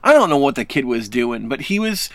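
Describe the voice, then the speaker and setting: A man's voice: mid-range voice, sing-song, a little fast, dry recording. A young man co-hosting a podcast, telling stories in casual chat, laughing and acting out quotes. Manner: laughing storyteller, acts out quotes. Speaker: podcast co-host.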